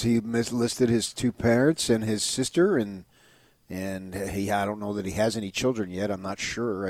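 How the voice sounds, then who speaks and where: A man's voice: fairly low pitch, a little mellow, dry recording. A man hosting sports talk, rambling with restarts and growing emphatic when he praises a player. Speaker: sports radio host.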